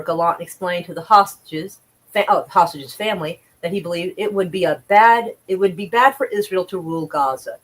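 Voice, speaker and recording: A woman's voice: fairly low pitch, rough recording. A woman streaming casual news commentary, blunt and profane, chatting with viewers between headlines.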